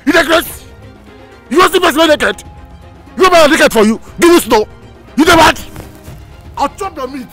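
An actor with a Nigerian Pidgin English accent playing a brash, streetwise young man who talks loud and mocking. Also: fairly high pitch, animated, fast, faint music behind, close to an everyday voice. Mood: angry. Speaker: actor in a comedy film. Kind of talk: film comedy acting.

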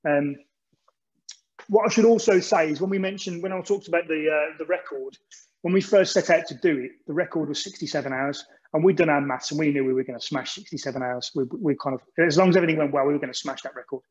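A man's voice: on the high side, fast. A man from England giving an informal talk about an endurance relay, rambling with many restarts and ums. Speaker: speaker recounting an endurance relay. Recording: dull lo-fi recording.

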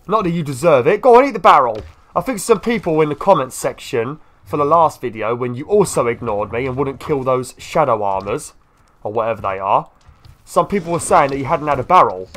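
A man's voice: medium pitch, lively intonation, brisk, a bit bright. A man doing let's-play commentary, swearing and scolding a game creature. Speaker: gaming YouTuber.

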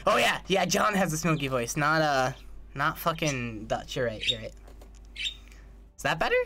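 A man's voice: a little high, a bit bright, slight background noise. A man streaming live from home into a desk mic, chatting loosely with his viewers, swearing often and scattered in his thoughts. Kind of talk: casual live-stream chat. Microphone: desk microphone.

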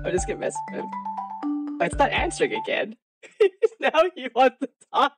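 A woman's voice: a little high, animated, brisk, music in the background. A woman scambaiter on a live stream, playfully feigning annoyance at a caller. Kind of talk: casual live-stream phone call.

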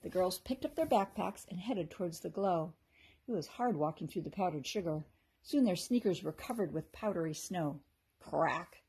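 A woman teacher reading a children's chapter book aloud with expressive, animated narration. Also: on the low side, moderate pace, breathy edge. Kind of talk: storybook read-aloud.

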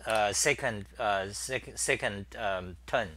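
A middle-aged man hosts a casual live stream, thinking aloud with plenty of fillers and restarts. His voice sits a little low but sounds bright and forward. He talks slowly, with keyboard typing behind him. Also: no room sound. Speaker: talk show host.

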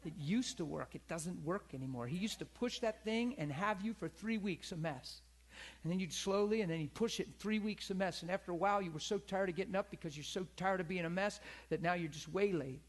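A man's voice: high-pitched, fairly quick. A middle-aged man preaching a sermon in a conversational, storytelling way, calling out to his congregation.

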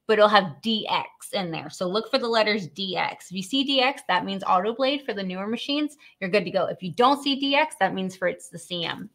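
Upbeat, bright-voiced woman hosting a live stream. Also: medium pitch. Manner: chatty and upbeat, reads viewer questions aloud and laughs often. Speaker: host of a live product demo.

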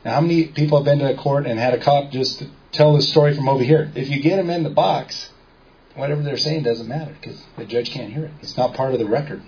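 A man's voice: mid-range voice, fast, darkish tone. A man giving a casual lecture to a small audience, telling stories and quoting people in dialogue while quizzing the listeners. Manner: storytelling, quotes people in dialogue, asks the audience questions. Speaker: seminar speaker. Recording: dull lo-fi recording with faint background noise.

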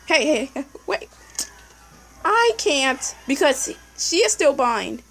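A young woman talks over her puzzle game in a high, bouncy voice, swinging wildly up and down. She gets excitable and scolds the game with strings of no's. Faint music plays underneath. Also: slow, poor audio. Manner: excitable, yelling at the game, repeating no. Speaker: gameplay commentator. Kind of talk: casual game commentary.

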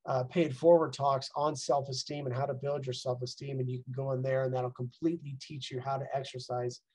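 A man's voice: mid-range voice, little pitch movement, a little fast, a little mellow, slight background noise, rough recording. A middle-aged man, a mindset coach, giving a casual, rambling talk from home, full of "like" and "right?". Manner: conversational, rambling, frequent "right?" and "like".

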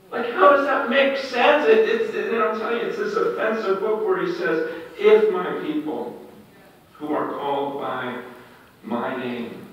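A man preaching at a prayer breakfast, telling stories with animated delivery that swings between loud and hushed. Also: high voice, unhurried. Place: large hall. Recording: echoey hall, distant dull mic.

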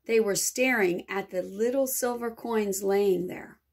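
A woman teacher reading a children's novel aloud, expressive and lingering over words. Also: medium pitch, a little slow.

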